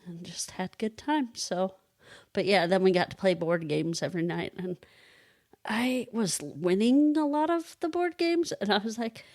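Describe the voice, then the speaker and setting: Lively intonation marks this mid-range female voice, moving at a moderate pace in clean studio sound with no echo. She's a chatty podcast co-host and kindergarten reading teacher who tells stories and laughs often in casual chat.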